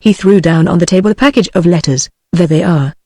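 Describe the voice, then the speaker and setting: A text-to-speech voice of a woman with a British English accent, reading a novel aloud as an audiobook narrator in an even, steady delivery. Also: fairly low pitch, a little fast, breathy edge, no echo, studio quality.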